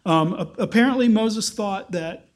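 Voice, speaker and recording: A man's voice: high-pitched, unhurried. A man giving a casual, joking Bible teaching, often correcting himself as he goes.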